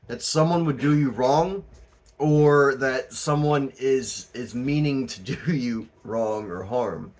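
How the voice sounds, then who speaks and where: A man giving a tarot reading as the host, talking casually, rambling and animated, often laughing and swearing. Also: medium pitch, slow. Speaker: tarot reader.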